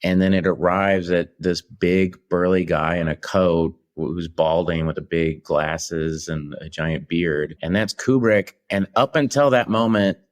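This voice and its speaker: A middle-aged actor and comedian telling stories in casual chat, rambling with restarts and laughter. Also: male voice, low-pitched, fairly even intonation, unhurried, hardly any pauses.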